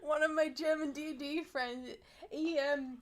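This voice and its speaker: A woman's voice: high-pitched, fairly even intonation, unhurried, over a noisy crowd. A woman co-hosting a casual livestream, rambling and giggling, often restarting her sentences. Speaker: streamer co-host.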